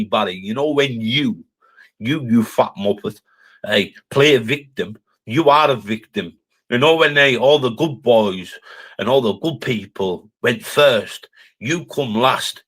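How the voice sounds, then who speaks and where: A man with a Cumbrian accent tears into his targets on a live stream, swearing hard and taunting without a break. His pitch sits in the middle for a man, and his rant keeps rolling in a blunt, mocking way. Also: unhurried, a bit bright. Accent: Cumbrian English. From Cumbria, England. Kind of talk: ranting live-stream roast.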